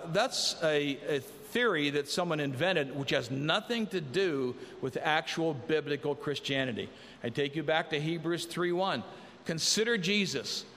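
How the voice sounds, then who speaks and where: A man's voice: fairly high pitch, pushed and bright, slight background noise. A man preaching a sermon as pastor, earnest and conversational, acting out the voices in the passages he quotes. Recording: long hall reverb.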